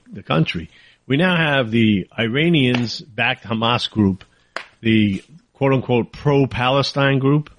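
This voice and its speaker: A man's voice: mid-range voice, no echo. Angry guy ranting on his talk show, swoops up and down a lot, dry close sound. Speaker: talk radio host. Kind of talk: political commentary monologue.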